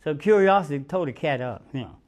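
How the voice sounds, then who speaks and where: A man with a fairly high voice spins a long tale in a studio chat. He acts out each quoted person as he goes and laughs along with his own story. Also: expressive, fast, darkish tone. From United States. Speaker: guest musician. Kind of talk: casual storytelling.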